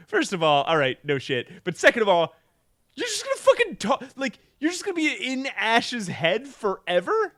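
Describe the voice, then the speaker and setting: Animated, rambling male podcast host. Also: very high voice, normal speed, no echo, clean studio sound. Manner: animated, rambling, laughs a lot. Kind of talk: comedic podcast chat.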